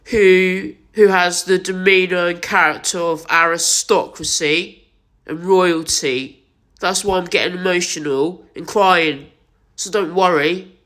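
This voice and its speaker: A tearful vlogger talks slowly and haltingly, sniffling and circling back over the same words. The voice is bright and a little strained. It is recorded close on a wired earphone mic. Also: medium pitch. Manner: halting, repetitive, many restarts and self-corrections. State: crying, sniffling. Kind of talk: emotional confessional vlog. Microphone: wired headset or earphone mic.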